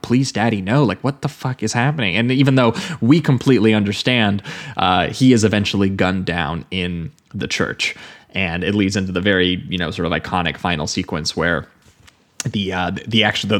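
A man's voice: lowish voice, fairly bright tone. A man co-hosting a podcast, talking through a film casually and at length, with many fillers and restarts. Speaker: podcast co-host.

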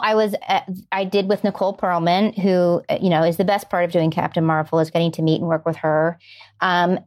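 A woman's voice: mid-range voice, a little mellow. Earnest middle-aged woman explaining her craft. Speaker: screenwriter guest. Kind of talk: podcast interview answers.

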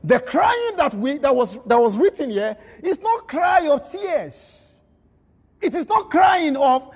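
A male pastor preaching a midweek sermon with emphatic, repeated phrases and bursts of shouting in a church hall. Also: very high voice, very animated, measured pace, slightly rough. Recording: long reverb of a large hall.

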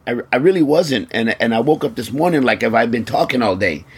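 A man's voice: mid-range voice, expressive, fairly quick, slightly rough. A man hosting a motorsport fan podcast with a scratchy throat, chatting casually and often restarting his sentences. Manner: rambling, repeats words. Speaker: podcast host. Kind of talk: casual chat.

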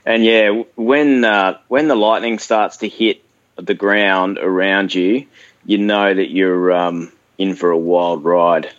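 A man with an Australian accent, a guest runner telling race stories in a relaxed way with fillers. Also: sits low, takes it slowly, dry recording, muffled recording. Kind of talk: casual phone chat.

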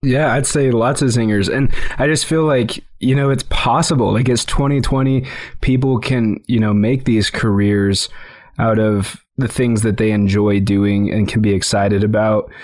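A man hosting a podcast, asking a question in a halting, casual way full of fillers. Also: lowish voice, steady tone, darkish tone. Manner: halting, many fillers, thinking aloud. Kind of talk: casual conversational interview.

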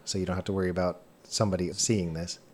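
A man running a tabletop game as game master, narrating scenes in a measured, descriptive way. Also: low voice, flat delivery, heavy background noise.

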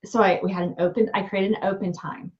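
A young woman, a restaurant owner and new mom, telling her story in an interview in a candid, animated way with many fillers. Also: mid-range voice, quick pace. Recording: dull lo-fi sound.

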